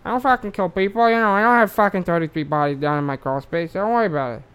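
A man's voice: high voice, fast talker, fairly bright tone, clean tone. A man doing a brash male serial killer, trying for a New York accent, with a cocky, swaggering denial. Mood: breezy denial. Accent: attempted New York.

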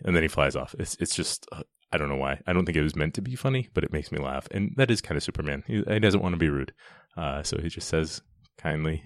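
A man's voice: rumbling low, fairly quick, dry recording, clean studio sound. A man giving a casual, enthusiastic commentary on a film scene, chatty and often restarting his sentences.

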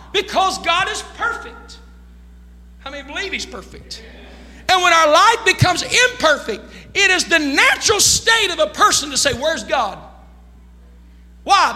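A man preaching a sermon from the pulpit, swinging between quiet asides and loud, sung shouts. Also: extremely high pitch, big-room sound. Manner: preaching with rising shouts and sung, drawn-out lines. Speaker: pastor. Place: church sanctuary.

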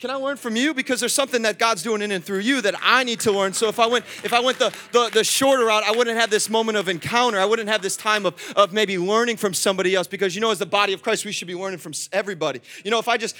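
High bright-voiced young man preaching. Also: fast talker, few pauses. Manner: animated, swings between loud calls and soft asides; acts out quoted voices, chats with the congregation. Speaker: pastor. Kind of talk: sermon.

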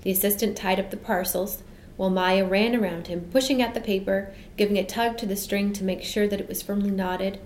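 An expressive woman reads a storybook aloud in a gentle, even voice at a mid pitch. Her reading echoes in a roomy space. A faint hum sits under the recording. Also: fairly quick. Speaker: narrator.

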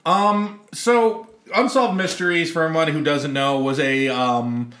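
A male podcast host in his thirties with a bright, forceful voice, chatting loosely with co-hosts. He rambles through fillers and laughs easily. The room rings with noticeable echo. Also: on the high side, fairly even intonation, unhurried. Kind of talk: casual chat. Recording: echoey room.

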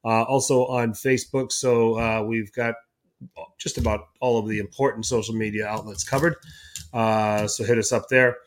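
A man co-hosting a casual soccer podcast, relaxed and a little worn out as he wraps up with plugs. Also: on the low side, moderate pace. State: tired. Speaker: podcast co-host. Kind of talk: casual sports podcast chat.

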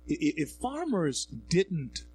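A man's voice: on the high side, big pitch swings, slow pace, darkish tone, a little hiss or hum, poor audio. A man from the American South with a Louisiana Southern accent, hosting a talk radio show in an earnest, repetitive monologue with many fillers. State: grieving.

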